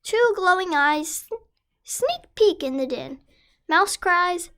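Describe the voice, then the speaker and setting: A woman's voice: very high voice, expressive, takes it slowly, a bit bright. A woman reading a children's picture book aloud in a sing-song, rhyming delivery. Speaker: storyteller.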